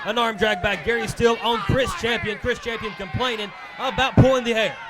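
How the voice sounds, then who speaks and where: High-voiced man calling wrestling action. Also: steady tone, fairly quick, a crowd in the background. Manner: joking banter between calls of the action. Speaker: play-by-play commentator. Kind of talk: wrestling TV commentary.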